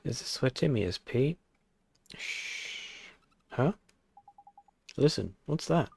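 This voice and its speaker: A man's voice: mid-range voice, animated, a little slow, creaky, darkish tone, husky, exaggerated voice. A man voicing a polite, curious young boy in a near-natural, earnest voice. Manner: earnest, questioning.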